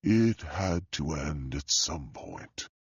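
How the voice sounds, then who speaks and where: A man voicing a sinister, wealthy older male tech mastermind in an audiobook, speaking slowly and calmly with a deep, husky, gravelly voice. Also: dry recording, lo-fi sound, full character voice. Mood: cold, calm. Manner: slow, calm and menacing. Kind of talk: audiobook character voice.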